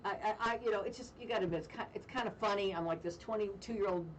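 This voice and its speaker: A woman radio host telling a funny story in casual chat, animated and self-mocking, with deadpan jokes. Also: mid-range voice, quick pace, recorded from a distance, a little hiss or hum, low-quality recording. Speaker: radio talk show host.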